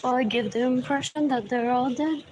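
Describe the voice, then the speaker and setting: On a rough recording with slight hiss or hum, a woman with a high, slightly mellow voice speaks at a moderate pace. Livestreaming, she rambles, muttering and repeating things while slipping between Spanish and English.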